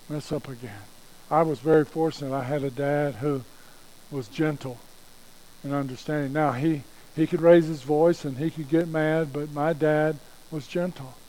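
A man's voice: on the high side, steady tone, moderate pace, a little mellow, rough recording. A pastor preaching a conversational sermon, repeating phrases and restarting his sentences as he goes.

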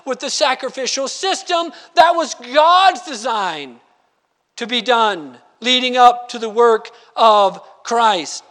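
A man preaches an animated sermon, acting out quoted lines with sudden pitch jumps and reading scripture slowly and deliberately. The recording carries a long hall reverb.

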